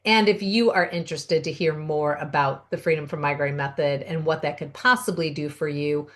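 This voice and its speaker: A middle-aged woman hosts an interview in a low voice. She sounds upbeat and encouraging and explains things at length. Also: fairly even intonation, moderate pace, fairly bright tone. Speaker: host.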